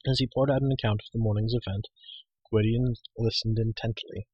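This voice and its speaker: A man narrating an audiobook in a steady, even storytelling manner. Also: fairly low pitch, a little fast, husky, no room sound, rough recording.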